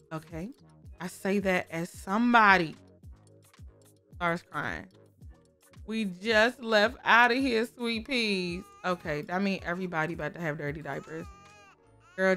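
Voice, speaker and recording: A woman's voice: lowish voice, fairly bright tone. Chatty woman narrating her gameplay. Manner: chatty, talks to the game characters. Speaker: gaming creator. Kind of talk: casual let's-play commentary.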